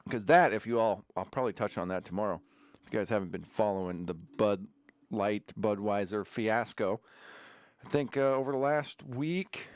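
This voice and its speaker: A man's voice: medium pitch, clean tone, no room sound. A man hosting a casual livestream from his home studio, chatting in a rambling way with sarcastic asides between sips of beer. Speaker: livestream host. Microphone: desk camera setup.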